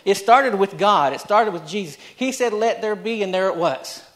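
High-voiced man preaching emphatically. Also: expressive, normal speed, fairly bright tone. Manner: emphatic, repetitive preaching with rhetorical questions. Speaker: pastor. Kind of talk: sermon.

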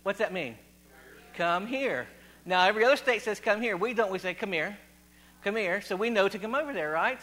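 Virginia guy preaching casual, high voice, keeps asking the crowd stuff and repeating himself. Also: sharp tone. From West Virginia. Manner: chatty, quizzes the audience, repeats phrases. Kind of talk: informal sermon to a congregation.

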